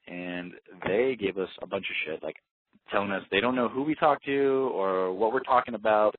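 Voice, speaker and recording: A man's voice: fairly low pitch, breathy edge, dry recording. A young man telling a road-trip story casually, rambling with lots of fillers and restarts. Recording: tinny phone-like dry sound.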